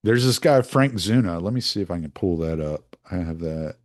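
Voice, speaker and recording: A man's voice: sits low, animated, normal speed, a little mellow. A man from the United States talking through a casual, rambling monologue as a podcast host, opinionated and full of restarts.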